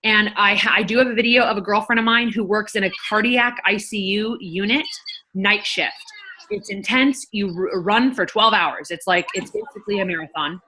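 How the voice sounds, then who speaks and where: A woman's voice: mid-range voice, moderate pace, pushed and bright, a little hiss or hum. A woman who works as a nurse and health coach, talking frankly and chattily to her viewers, with the odd casual swear. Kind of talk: casual talk to camera.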